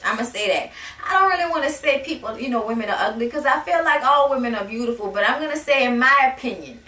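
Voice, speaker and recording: A woman's voice: sits high, sharp tone, recorded from a distance. A woman reviewing a reality TV episode in a sassy, blunt, profane casual rant. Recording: echoey room, voice a bit off-mic.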